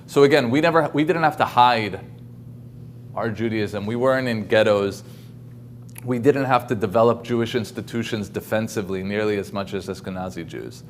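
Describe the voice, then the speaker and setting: A man's voice: on the low side, normal speed, slight background noise. A man giving a casual talk over a video call, with many ums and restarts. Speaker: guest speaker. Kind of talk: informal lecture.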